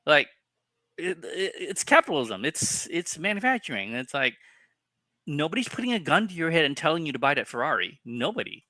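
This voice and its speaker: A man's voice: a little high, big pitch swings, a little fast, bright, forceful tone, dry recording. A man co-hosting a casual collectibles podcast, ranting with heated, profane opinions. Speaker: podcast co-host. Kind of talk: casual chat.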